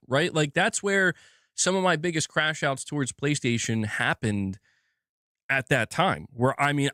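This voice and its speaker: A man hosting a gaming livestream, ranting in an excitable, self-mocking way and swearing often, restarting his words as he gets worked up. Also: mid-range voice, no echo, studio quality. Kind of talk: live commentary rant. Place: indoor room at home.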